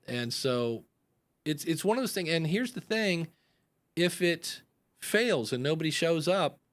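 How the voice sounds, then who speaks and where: A man's voice: on the high side, expressive, a little slow, a bit bright. A man, a podcast coach hosting a live advice chat, rambling and acting out example announcements.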